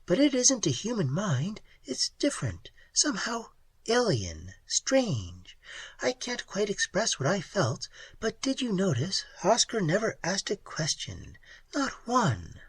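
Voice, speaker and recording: A man's voice: high-pitched, wildly swooping pitch, unhurried, breathy edge, no echo, voice pushed up, heavily acted. Man voicing a spirited young woman explorer. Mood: thoughtful. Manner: earnest, emotional pleading. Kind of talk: audiobook character reading.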